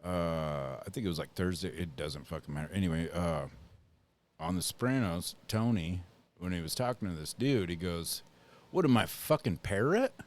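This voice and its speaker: A man's voice: sits low, normal speed. A man co-hosting a podcast in casual chat, telling rambling stories full of swearing. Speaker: podcast co-host.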